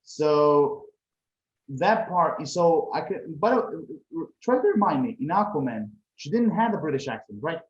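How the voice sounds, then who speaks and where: A man's voice: a little high, very animated, measured pace. Male podcast co-host from Croatia; casual, rambling delivery, echoey muffled recording. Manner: rambling, many fillers like "you know". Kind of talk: casual movie review chat. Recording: echoey room, dull lo-fi sound.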